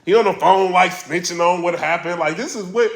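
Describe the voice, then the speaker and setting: A man blogging about the battle rap scene in a casual commentary vlog, telling stories in a slangy, animated way. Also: sits high, fairly quick, gravelly, reverberant.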